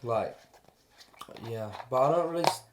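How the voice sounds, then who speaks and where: A young man from New Zealand with a New Zealand accent, co-hosting a podcast with quick joking replies. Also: medium pitch, expressive, background noise. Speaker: podcast co-host. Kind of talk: crude comedic banter.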